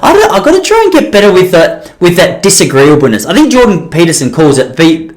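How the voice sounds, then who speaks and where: A man's voice: high voice, wildly swooping pitch, brisk. A man hosting a solo podcast, rambling and self-deprecating, with many restarts. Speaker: podcast host.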